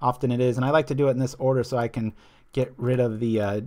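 A man with a steady, dark, medium-pitched voice talks at a quick pace. As a stream host, he plays a card game, reads viewers' comments out loud, and chats in a rambling manner, losing his train of thought now and then.

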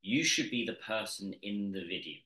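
A British man with a standard accent talks as a podcast guest, his somewhat low voice pushed and forceful. He tells his story with energy and often restarts his sentences. The recording has a noticeable roomy echo. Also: expressive, normal speed. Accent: standard British English. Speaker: podcast guest, content creator. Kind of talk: casual interview talk.

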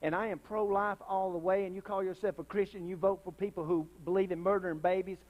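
The audio is narrow and tinny, capturing a male pastor who talks fast in a steady tone while preaching a fiery sermon in a church sanctuary. His high voice keeps jumping into loud, impassioned bursts, and he repeatedly calls on the congregation for responses and a witness.

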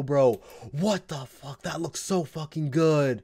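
A young man gives energetic reaction commentary with slang and loud outbursts. His voice sits at an ordinary middle pitch for a man. He laughs often as he talks. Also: measured pace, hardly any pauses. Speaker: anime reaction host.

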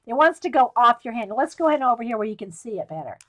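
A woman's voice: a little high, big pitch swings, rapid-fire. A woman hosting a live coloring tutorial, chatting casually, laughing often and answering viewers by name. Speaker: coloring tutorial livestream host.

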